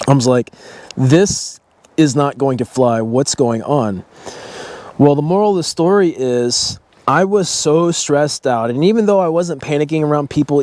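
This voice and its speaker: A man's voice: a little high, darkish tone. A man giving a casual motivational talk about breathing, blunt and swearing freely, speaking straight to his viewers. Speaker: self-help vlogger.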